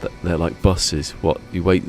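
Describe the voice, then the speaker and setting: A man's voice: low-pitched, little pitch movement, moderate pace, darkish tone. A man chatting casually while streaming a game, rambling through anecdotes with chuckles between them. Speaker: gaming streamer. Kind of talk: casual live-stream chat. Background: game music.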